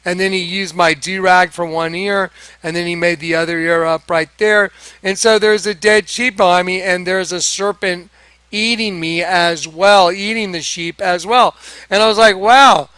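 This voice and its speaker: A man telling a story to his viewers in an excitable, animated way, acting out the dialogue himself. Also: high-pitched, moderate pace, smooth, no room sound. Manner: excitable, acts out quoted dialogue.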